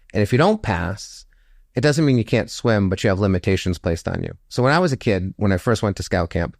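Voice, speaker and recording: A low-voiced man in his fifties tells a personal story with animated flair. He acts out the people he quotes by jumping up in pitch, then settles back into reflective commentary. The sound is close and dry. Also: no room sound. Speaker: storytelling guest. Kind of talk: telling a personal story in an interview.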